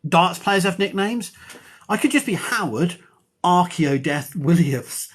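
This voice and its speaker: Husky, excitable man. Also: sits high, measured pace. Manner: rambling, self-mocking, excitable. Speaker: archaeology professor streaming live. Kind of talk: casual live-stream chat.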